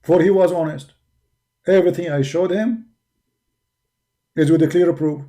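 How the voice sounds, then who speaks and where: A man's voice: a little high, fairly even intonation, normal speed, warm tone. Combative man with an Arabic accent. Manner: combative, mocking, emphatic. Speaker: religious debater. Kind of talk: polemical monologue.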